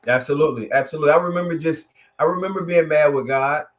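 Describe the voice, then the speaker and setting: A man, a guest telling his testimony in an emotional, halting way with many restarts. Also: on the high side, muffled recording. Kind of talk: conversational testimony.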